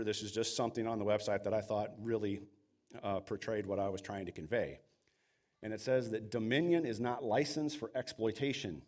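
A man's voice: on the low side, darkish tone. A man preaching a sermon in an earnest, emphatic way, sometimes acting out quoted voices. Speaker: pastor.

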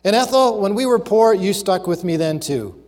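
A grumpy elderly man speaking from a hospital bed, as a preacher acts him out, with a fairly high voice for a man. He talks in a plain, slightly raised storytelling way. The voice rings out with a long hall reverb behind it. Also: lively intonation, normal speed, a little mellow. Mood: wistful. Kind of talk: acted quote within a sermon.

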